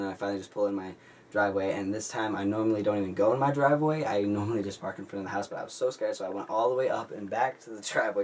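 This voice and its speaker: Young man rambling a story, mic far. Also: low-pitched. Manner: rambling, excitable, heavy use of "like". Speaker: vlogger. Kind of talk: casual storytelling. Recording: distant mic with faint ambient noise.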